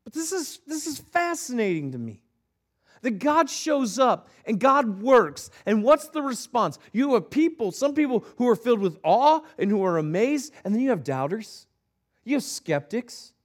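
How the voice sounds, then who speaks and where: A man preaching a sermon as pastor, animated, with joking asides and sudden drops to low, quiet emphasis. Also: normal speed.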